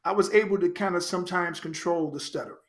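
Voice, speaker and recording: A man from Chicago, a podcast guest, telling his life story in an earnest, animated way and repeating phrases for emphasis. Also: high-pitched, quick pace. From Chicago, United States. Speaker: podcast guest, actor and writer. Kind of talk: reflective personal storytelling.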